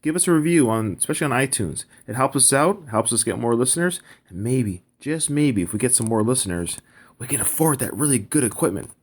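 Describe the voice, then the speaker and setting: A man's voice: medium pitch, animated, brisk, husky. A man hosting a podcast, talking in a chatty, upbeat way with apologies mixed in. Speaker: podcast host. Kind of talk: podcast intro and outro.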